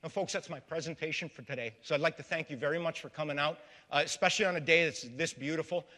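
A man's voice: fairly high pitch, fairly even intonation, fast, sharp tone. A man giving a public history lecture to a live audience, storytelling and calling them folks. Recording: long reverb of a large hall.

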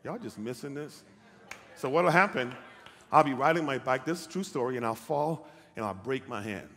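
Male pastor, sermon, bright and forceful, swings from soft asides to shouting. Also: mid-range voice, lively intonation, moderate pace. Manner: builds from quiet talk to shouting calls; asks the congregation questions. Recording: hall reverb.

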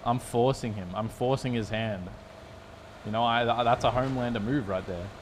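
Laid-back, swearing Australian gaming streamer. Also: male voice, mid-range voice, moderate pace, a little hiss or hum. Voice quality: profane, laid-back banter. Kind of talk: casual gameplay commentary.

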